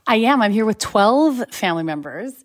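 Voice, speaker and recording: A woman's voice: medium pitch, normal speed. A woman from Canada, a guest on a video call, telling a long travel mishap story with energy and acting out the other people in it. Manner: animated storytelling, acts out other people's lines. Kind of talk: casual chat on a video call.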